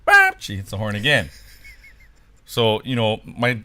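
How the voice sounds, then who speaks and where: A man's voice: lowish voice, fairly even intonation, a little slow, pushed and bright. A man from Hawaii co-hosting a podcast, telling a funny story in casual chat and laughing along as he goes. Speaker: podcast co-host.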